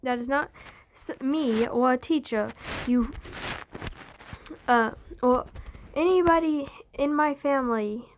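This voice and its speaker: A woman plays a foul-mouthed father of a big brood in a spoken fan story. He is blunt and profane, with a high voice and slow, drawn-out delivery. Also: slight background noise. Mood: threatening. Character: gruff cussing father of many kids.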